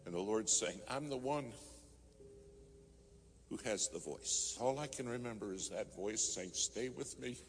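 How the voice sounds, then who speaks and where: A man's voice: fairly low pitch, lively intonation, unhurried, pauses often, a little hiss or hum. A man preaching a sermon, telling a story and rising to fervent emphasis. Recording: music playing behind.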